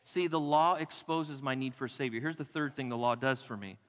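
A male pastor preaching a sermon in a church with emphatic delivery, repeating key phrases and dropping to a hush for weight. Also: mid-range voice, fairly quick. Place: church sanctuary. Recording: long hall reverb.

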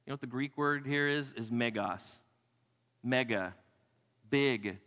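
A male pastor preaching a sermon in a church with emphatic delivery, repeating key phrases and dropping to a hush for weight. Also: mid-range voice, a little slow. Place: church sanctuary. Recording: long hall reverb.

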